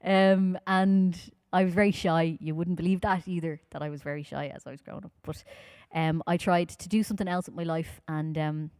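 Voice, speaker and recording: Fast-talking Dublin woman, chatty singer. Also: on the low side, fairly even intonation, a little mellow, clean tone, no room sound. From Ireland. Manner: talks fast, chatty and informal, with many fillers. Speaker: singer performing a live-streamed concert. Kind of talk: chatty stage banter between songs.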